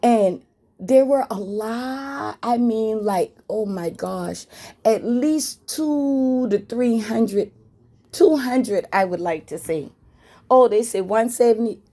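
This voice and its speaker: A woman's voice: on the high side, warm tone. A woman telling a story to her viewers in a blunt, frank way, with swearing. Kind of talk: casual story time.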